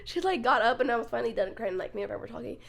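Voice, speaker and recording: A young woman co-hosting a podcast, telling a story in casual chat, animated, laughing often and swearing freely. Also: a little high, rapid-fire, gravelly. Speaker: podcast co-host.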